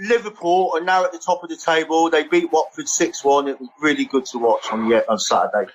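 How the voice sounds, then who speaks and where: A man's voice: on the high side, fairly quick, lo-fi sound, slight background noise. Insistent man cutting into a chat. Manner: insistent, interjecting. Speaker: podcast panelist. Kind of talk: casual roundtable chat.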